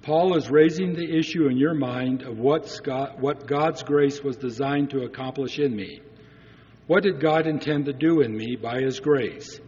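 A man's voice: mid-range voice, a little slow, a little mellow, husky. A man preaching a sermon in an earnest way, asking rhetorical questions to the congregation. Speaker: pastor. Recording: dull recording with long church reverb.

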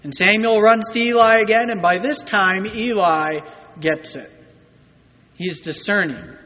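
A man preaches a sermon to his congregation in a high, sharp-edged voice. He talks conversationally and keeps asking the room rhetorical questions. The recording is muffled, and his voice carries a long reverb through a church sanctuary. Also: a little slow. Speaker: pastor.

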